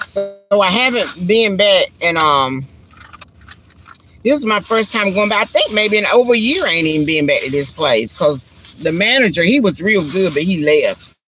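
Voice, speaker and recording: Speaking into a handheld phone camera, a woman hosts a relaxed live stream from inside her car, addressing viewers as "honey" and "girl" in a chatty, folksy manner. Her mid-range voice swings widely in pitch at a normal speed, with a fairly bright tone over slight background noise.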